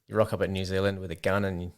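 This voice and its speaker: A plain-spoken man talks as a podcast guest about hunting. His voice sits low, with a gravelly fry at the bottom. He keeps it easygoing and laughs often. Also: little pitch movement, racing. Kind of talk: casual chat.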